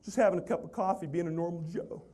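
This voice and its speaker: A man with a slightly higher voice tells a funny story in a speech. He is animated and pokes fun at himself, and he jumps into the voices of the people he describes. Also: quick pace, husky. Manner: animated, self-deprecating, acts out the people in his story. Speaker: motivational speaker.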